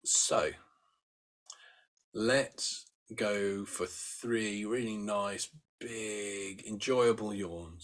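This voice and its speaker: Gentle man guiding a breathing practice. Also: on the low side, fairly even intonation. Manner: gentle, unhurried, with demonstrated sighs and yawns. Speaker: meditation teacher. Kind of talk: guided breathing instruction.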